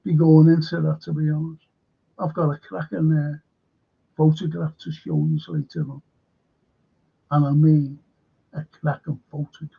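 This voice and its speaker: A man's voice: on the high side, moderate pace, gravelly, pauses often, slightly rough, muffled recording. A man hosting a stream, rambling and indignant with heavy swearing. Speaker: host.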